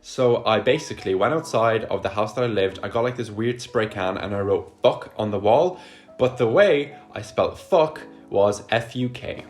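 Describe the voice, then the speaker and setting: Chatty young man, low voice. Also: normal speed, faint music behind. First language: Russian. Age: 20s. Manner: chatty and enthusiastic, swears often. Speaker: vlogger. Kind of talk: casual Q&A chat to camera. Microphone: camera he sets up himself.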